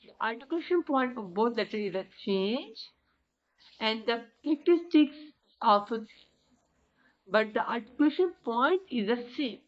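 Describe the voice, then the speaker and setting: A woman teaching the letters of an alphabet, explaining slowly and repeating sounds to demonstrate them. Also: a little high. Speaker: Arabic teacher. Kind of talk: slow explanatory lesson. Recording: dull lo-fi recording.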